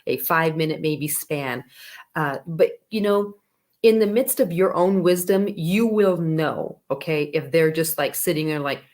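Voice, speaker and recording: A woman's voice: deep voice, a little slow, darkish tone. A middle-aged woman, a parenting coach, giving advice in a casual live video talk, earnest and chatty, checking in often with "okay" and "all right".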